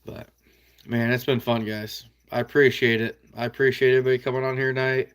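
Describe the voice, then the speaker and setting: A man's voice: mid-range voice, little pitch movement, a little fast, clear, resonant tone. A man with an American Midwest accent hosting a casual livestream, reading out viewer comments in an easygoing, folksy way with frequent chuckles. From Iowa.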